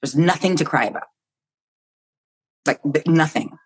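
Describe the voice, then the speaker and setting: A woman's voice: low-pitched, unhurried, husky. A woman in her fifties from the United States, a podcast guest telling a personal story vividly and candidly, acting out her own thoughts and swearing freely.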